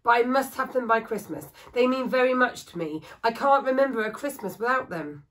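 A woman's voice: on the high side, fairly quick, fairly bright tone, pitched above the performer's own voice, natural voice. A woman voicing an earnest, polite young widowed mother.

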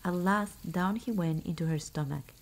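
A woman reading a fairy tale aloud in a soft, hushed, unhurried ASMR bedtime style. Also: on the low side, low-quality recording. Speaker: storyteller.

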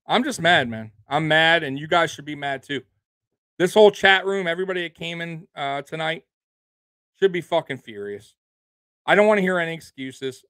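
A man's voice: on the high side, a bit bright, clean tone, dry recording, clean studio sound. Furious, profane man ranting. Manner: profane, fired-up, repetitive. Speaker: sports livestream host. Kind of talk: angry fan rant on a livestream.

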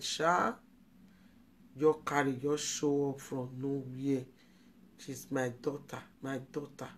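A woman's voice: extremely low pitch, steady tone, slow pace, long pauses. A Nigerian woman hosting a live video, speaking in an emotional, pleading way and repeating herself. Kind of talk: emotional live-stream commentary.

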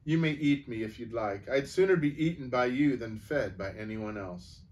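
A man voicing a timid, gentle female talking horse who speaks softly and humbly, in a storybook read-aloud. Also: medium pitch, normal speed, natural voice. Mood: humble.

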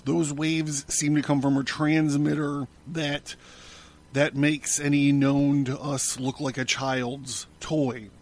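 A man voicing a frightened, weary male chief engineer who stammers softly. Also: on the high side, level tone, takes it slowly. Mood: sullen. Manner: stammering, soft-spoken.

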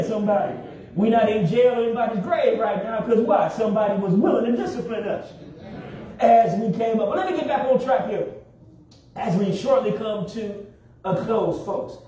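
A man preaching a sermon in a church, with call-and-response and drawn-out emphasis. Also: sits high, mellow. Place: church sanctuary. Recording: very echoey hall, distant mic.

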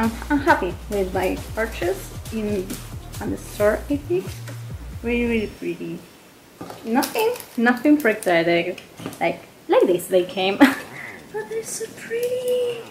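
A young woman from Argentina, casually chatting through an unboxing as a gushing, excitable fan who giggles and says "um" often. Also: on the high side, low-quality recording. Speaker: vlogger. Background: faint background music.

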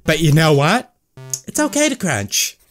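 Man doing a blunt woman coworker, high voice, clipped broken grammar, crude and matter-of-fact, game voice. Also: huge pitch swings, a little slow, a bit bright, soft background music, exaggerated voice.

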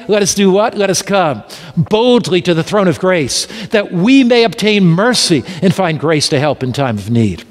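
High-voiced preacher in an echoing hall. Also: male voice. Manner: emphatic, rhetorical questions, swings between hushed and rising. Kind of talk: evangelistic sermon. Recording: reverberant hall.

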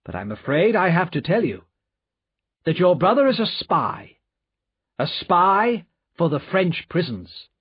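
A man voicing a calm gentleman who speaks in a measured, coolly assured way. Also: high-pitched, slightly rough, voice pushed up, full character voice. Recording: dull lo-fi recording.

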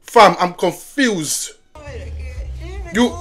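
A woman's voice: mid-range voice, sing-song, measured pace, soft background music. A woman reacting to a film she is watching for the first time, exclaiming and talking back to the characters in slangy asides. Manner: exclaims and yells at the characters on screen. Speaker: movie reaction host.

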